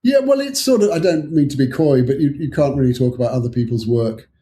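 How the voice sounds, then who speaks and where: A man's voice: medium pitch, lively intonation, fast talker, warm tone. An older English man, an author guest, telling rambling anecdotes in casual chat with chuckling asides.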